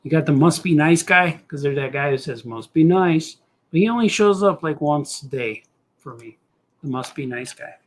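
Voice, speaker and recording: Drawing on stream, a middle-aged man chats casually and goofily to himself, putting on silly voices as he rambles. He speaks at a moderate pace in a slightly high voice.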